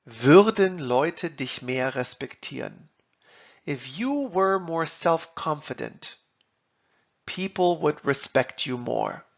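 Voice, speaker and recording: Slow, gravelly-voiced man teaching German. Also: fairly high pitch, lively intonation, lo-fi sound. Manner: reads German examples then translates, slow and deliberate. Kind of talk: slow explanatory lesson.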